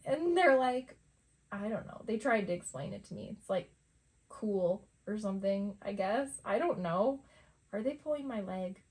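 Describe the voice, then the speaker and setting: A woman's voice: mid-range voice, expressive, normal speed, darkish tone. A middle-aged woman at home, chatting casually and rambling while she paints, laughing often. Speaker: art vlogger. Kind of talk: casual chat over painting.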